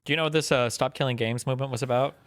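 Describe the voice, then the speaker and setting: A man co-hosting a casual podcast, chatty and quick to react to what he hears. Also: medium pitch, steady tone, fairly bright tone. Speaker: podcast co-host.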